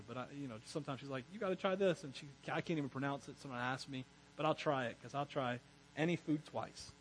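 A man preaching a sermon as pastor, animated, laughing often and breaking into chatty asides. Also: on the high side, a little hiss or hum, poor audio.

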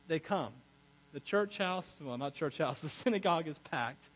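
A man preaching a sermon as pastor, animated, laughing often and breaking into chatty asides. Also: on the high side, normal speed, rough recording.

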